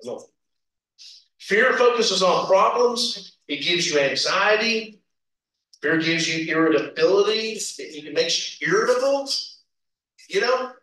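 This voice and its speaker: Animated male preacher, somewhat high voice, echoey church sound. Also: a little slow, pauses often, slight background noise. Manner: animated storytelling with laughs and acted quotes. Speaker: pastor. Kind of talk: sermon. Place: church sanctuary. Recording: roomy echo, from a distance.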